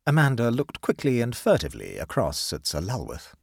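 Husky guy reading a story, super animated pitch, dry sound. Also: brisk, hardly any pauses, no room sound. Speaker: narrator.

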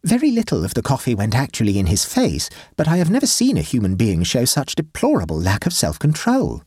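A man's voice: medium pitch, wildly swooping pitch, fairly quick, warm tone, breathy edge, no echo, clean studio sound, pitched above the performer's own voice. A man reading as an anxious, elderly clergyman, in a rambling, fretful letter voice.

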